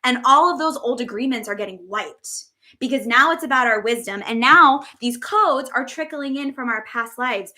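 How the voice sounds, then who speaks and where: Bright-voiced woman giving spiritual teaching. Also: high-pitched. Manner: effusive, swears casually, drawn-out emphatic phrases. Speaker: spiritual podcast host.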